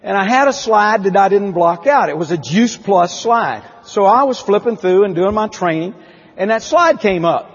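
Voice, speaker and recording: A man's voice: high voice, lively intonation, moderate pace, husky. A man giving an emphatic keynote speech at a company conference, telling stories and asking the audience questions. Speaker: motivational speaker at a company conference. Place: large conference hall. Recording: dull lo-fi audio with long hall reverb.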